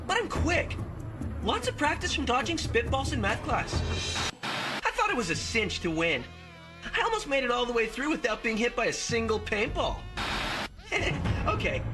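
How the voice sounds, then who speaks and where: Nerdy cartoon teen boy, high voice, lively swings, eager and goofy, music under. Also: full character voice. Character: nerdy, scrawny teenage boy who thinks he's a ladies' man. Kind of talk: cartoon voice acting.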